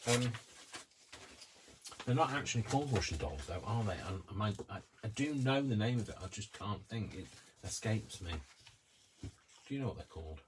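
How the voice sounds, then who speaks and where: Man, very low voice, easygoing craft host, rambling and self-deprecating, faint hiss behind. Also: expressive, moderate pace, long pauses. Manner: chatty, rambling, self-mocking asides. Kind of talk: live-streamed craft demonstration.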